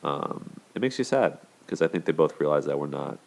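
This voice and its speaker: A man's voice: very deep voice, lively intonation, fairly quick, gravelly. A man hosting a show, giving casual commentary on relationships in a conversational way, with plenty of fillers and restarts. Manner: conversational, many "you know" and "like" fillers and restarts. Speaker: host.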